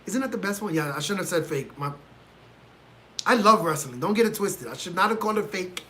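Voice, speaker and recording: Reacting to fights on a casual home livestream, this man speaks fairly quickly in a high, bright, forceful voice with lively intonation. He rants, exasperated, addressing his chat directly.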